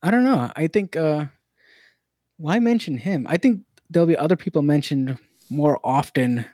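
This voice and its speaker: A man co-hosting a casual sports podcast, talking in a relaxed, hedging way. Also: on the high side, normal speed, no echo. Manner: relaxed, hedging, laid-back. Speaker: podcast co-host. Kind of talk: casual banter about football bets.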